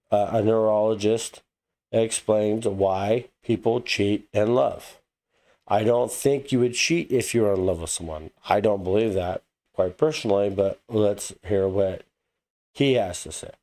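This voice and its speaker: A man's voice: fairly low pitch, measured pace, mellow. A man from the United States talking casually as a reaction video host, rambling and often repeating words as he restarts. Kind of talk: casual commentary.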